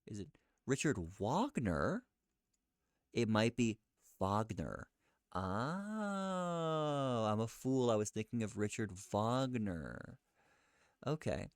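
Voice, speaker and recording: A man thinking aloud as he looks things up, questioning himself and reading search results aloud in a halting, muttering way. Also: on the low side, sing-song, no echo, studio quality. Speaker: streamer researching live.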